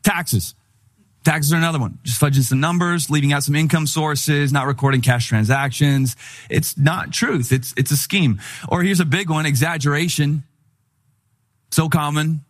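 A middle-aged man preaching a sermon in a conversational, humorous style, telling animated stories. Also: on the high side, moderate pace. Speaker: pastor.

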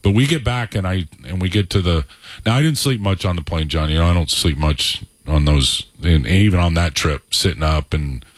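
A man's voice: deep voice, moderate pace, no echo. A middle-aged man chatting casually on sports radio as a football analyst, telling rambling, digressive stories.

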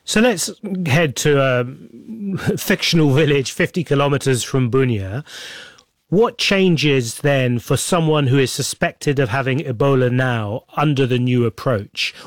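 Male interviewer, polite, measured questions, dry close sound. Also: mid-range voice, expressive, no echo.

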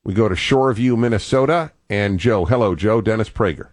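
A man's voice: on the low side, a little fast. An older man hosting a call-in radio talk show, thoughtful and digressive, often restarting his sentences.

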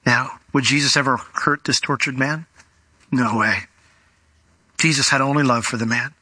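A male preacher giving an animated expository sermon, explaining what words mean and asking rhetorical questions. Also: mid-range voice, moderate pace, long pauses, husky, dry recording.

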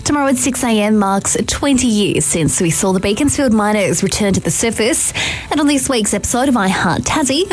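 A woman, hosting a radio news feature in a measured, scripted narration. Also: medium pitch, a little hiss or hum. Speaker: radio host and reporter.

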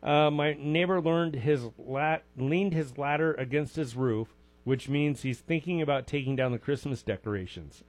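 Folksy radio host, rambling. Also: male voice, on the high side, normal speed. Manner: rambling, folksy, jokey asides. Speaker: radio swap show host. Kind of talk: casual radio chat.

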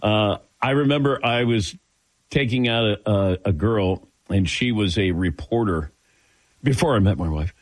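A man's voice: lowish voice, measured pace, dry recording. A middle-aged man from the American Midwest hosting a sports talk radio show, chatting casually and telling stories with a chuckle. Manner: laid-back, chuckling, storytelling. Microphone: studio microphone.

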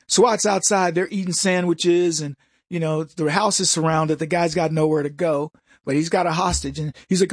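A man hosting a political commentary show, brash and mocking, laughing often and slipping into high voices to mimic people. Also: slightly rough, no room sound, clean studio sound. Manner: jumps into high put-on voices for quoted people. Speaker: political talk show host. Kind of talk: opinionated commentary monologue.

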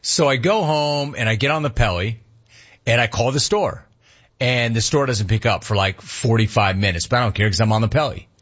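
A man telling a story in a casual, animated way, acting out the other people's lines with sudden jumps in pitch. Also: brisk, highs cut off.

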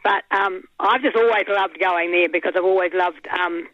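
A woman's voice: on the low side, steady tone, moderate pace, dry recording. Chatty New Zealand woman on a phone line. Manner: chatty, rambling, hesitant fillers. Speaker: caller. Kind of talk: casual phone-in chat.

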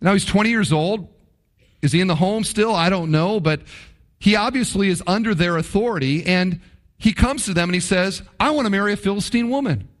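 A man preaching a sermon, addressing his congregation with rhetorical questions and stretching key words for emphasis. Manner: emphatic, swings between low drawn-out stresses and quick asides. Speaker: pastor.

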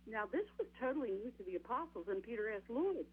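A woman's voice: medium pitch, expressive, quick pace, husky. Woman preaching over a tinny line. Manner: emphatic, repeats key phrases, addresses listeners as my friends. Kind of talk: sermon. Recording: narrow phone-line radio broadcast sound.

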